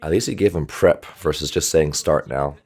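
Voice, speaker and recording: A man's voice: very deep voice, normal speed, a little mellow, husky. A man, a volleyball coach, chatting casually through an anime reaction and pointing out small animation details, on a desktop microphone. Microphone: desktop USB microphone.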